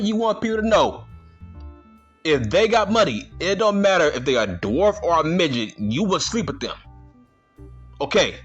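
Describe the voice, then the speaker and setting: A man's voice: high-pitched, a bit bright, slightly rough, muffled recording. A man ranting in a vlog, indignant and slangy, firing the same rhetorical questions again and again. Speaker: vlogger.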